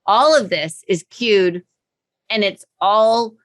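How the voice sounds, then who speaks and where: A woman working as a professional dog trainer, giving advice in an animated, casual chat and acting out little scenes as she explains. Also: medium pitch, slow, no room sound.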